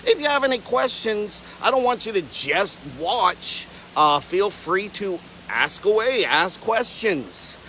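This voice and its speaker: A man's voice: sits high, big pitch swings, takes it slowly, hardly any pauses, sharp tone, slight background noise, rough recording. A young man from Florida who keeps alligators, chatting playfully on a casual outdoor livestream and wandering off on tangents. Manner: playful, rambling, jumps between tangents. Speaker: reptile keeper livestreaming.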